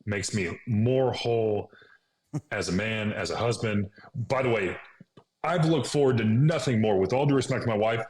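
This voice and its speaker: A man's voice: fairly low pitch, moderate pace, darkish tone. A man in his thirties, a podcast guest, earnestly retelling a personal story and dropping into whispers for remembered thoughts. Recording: echoey room with faint noise.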